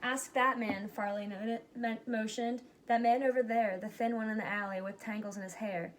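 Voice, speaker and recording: A woman's voice: fairly high pitch, normal speed, a little hiss or hum. Woman reading a rhyming storybook aloud. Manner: lively storybook reading with plain character voices. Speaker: reader. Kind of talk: reading a picture book aloud.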